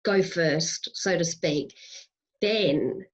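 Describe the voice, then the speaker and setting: A woman's voice: sits low, extremely slow, poor audio. An Australian woman hosting a podcast interview, talking in a gushing, chatty way and giggling often. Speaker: podcast host. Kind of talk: casual interview chat.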